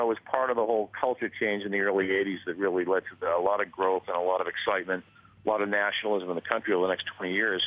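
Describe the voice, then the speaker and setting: A middle-aged man, calling in by phone and spinning a long, rambling anecdote at a quick clip. His voice sits low, and the sound is dry and close. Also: no echo, phone-quality sound. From Boston. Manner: rambling anecdotes with many fillers. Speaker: guest on the phone. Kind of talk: casual storytelling chat.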